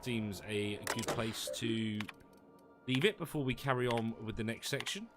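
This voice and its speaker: A man's voice: medium pitch, a little slow, music in the background. A man casually commenting as he streams a video game, chatty and self-deprecating as he thinks aloud. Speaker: gaming streamer.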